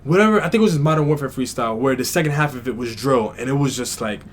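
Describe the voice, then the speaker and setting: A man's voice: mid-range voice, lively intonation, racing. New man thinking aloud. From New York. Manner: thinks aloud, hedging, many fillers. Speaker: music reaction host. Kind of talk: casual reaction commentary.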